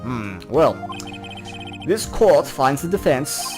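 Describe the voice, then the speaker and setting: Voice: mid-range voice, sing-song. A let's player reading a courtroom game's dialogue aloud and voicing every character in turn. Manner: voices every character in turn, with quick asides. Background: game music.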